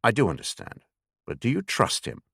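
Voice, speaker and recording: A man reading a senior male spymaster who speaks slowly and very properly in an audiobook. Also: fairly low pitch, huge pitch swings, creaky, a bit bright, breathy edge, no echo, studio quality, exaggerated voice. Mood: grave. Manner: slow, very proper. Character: senior male spymaster, older, measured, formal.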